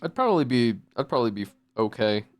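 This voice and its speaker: A man's voice: medium pitch, big pitch swings, quick pace. Rambling streamer man, casual chat. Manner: rambling, swears a lot, many restarts.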